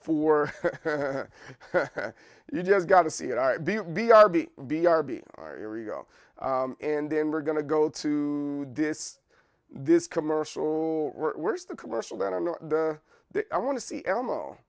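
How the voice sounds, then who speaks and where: A man's voice: on the high side, expressive, measured pace, gravelly, darkish tone, no echo, clean studio sound. Rambling, playful man hosting a stream. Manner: rambling, playful, apologetic, many restarts. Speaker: livestream host. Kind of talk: casual livestream chat.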